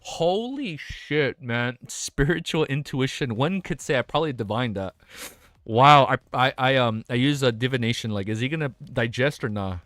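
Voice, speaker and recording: A young man streaming, reading a web novel aloud and breaking off to react in excitable, slangy, profane bursts. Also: mid-range voice, normal speed, no echo, clean studio sound.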